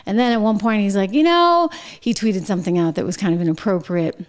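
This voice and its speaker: A woman's voice: medium pitch, fast, dark tone. A middle-aged woman hosting her own show, giving chatty political commentary with wry asides and frequent laughs. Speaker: show host.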